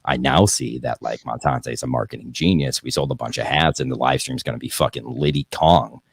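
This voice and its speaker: A man's voice: rumbling low, brisk, husky, dry recording. A young man hosting a podcast, talking casually, profanely and in a rambling way, often laughing. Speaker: podcast host.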